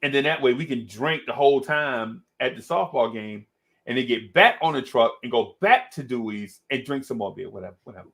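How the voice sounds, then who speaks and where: A middle-aged man telling a story in an animated, casual way, laughing often and calling his listener "bro.". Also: mid-range voice, moderate pace, vocal fry. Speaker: podcast host.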